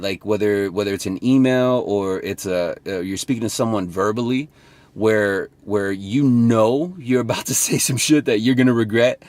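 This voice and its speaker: A man's voice: fairly low pitch, darkish tone, dry recording. A young man giving casual sales advice from his car, rambling and swearing now and then. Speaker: sales coach vlogger. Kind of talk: casual motivational talk.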